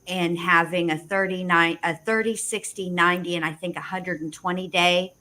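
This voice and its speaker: A woman co-hosting a casual livestream, talking in rushed restarts with sarcastic asides. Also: lowish voice, fairly even intonation, sharp tone. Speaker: co-host.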